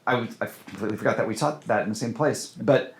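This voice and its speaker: A man's voice: lowish voice, quick pace, creaky. A man, a film director, talking casually in an interview, full of fillers and restarts. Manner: animated, many fillers and restarts. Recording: roomy echo.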